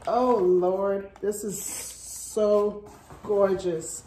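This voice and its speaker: A woman's voice: mid-range voice, slow, darkish tone, echoey room, a little hiss or hum, rough recording. A woman filming an unboxing vlog at home, gushing with gasps and repeated exclamations of delight. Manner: gushing, gasping, breathless exclamations. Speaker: vlogger. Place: at home, indoors.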